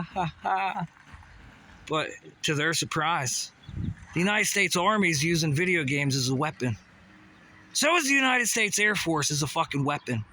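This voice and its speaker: A man's voice: on the high side, sharp tone. A man ranting to camera in a heated way, swearing often and firing off rhetorical questions. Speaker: vlogger. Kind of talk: profane conspiracy rant to camera.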